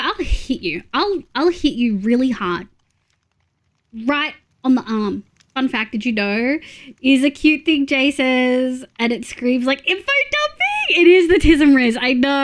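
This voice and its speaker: Chatty Australian woman streamer, slightly high. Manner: chatty, swears freely, giggly. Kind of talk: casual live-stream chat.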